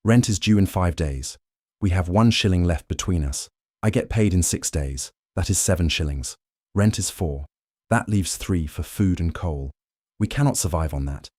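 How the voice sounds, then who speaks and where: A male narrator voicing James, a young blacksmith who speaks quietly and states facts plainly. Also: sits low, animated, moderate pace, dry recording, clean studio sound. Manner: quiet, matter-of-fact.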